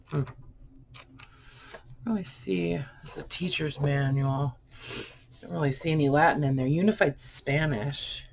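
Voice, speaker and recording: A soft-spoken vlogger muses aloud at a leisurely pace, with a gravelly, creaky edge to the voice. It is recorded at home with a clear layer of background noise. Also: mid-range voice, unhurried, long pauses. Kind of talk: casual unboxing chat. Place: indoors at home sorting book boxes.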